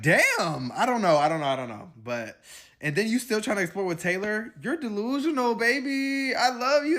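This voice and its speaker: A man recapping a reality show in casual chat, mocking and animated. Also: on the high side. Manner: animated, mocking, acts out voices of cast members.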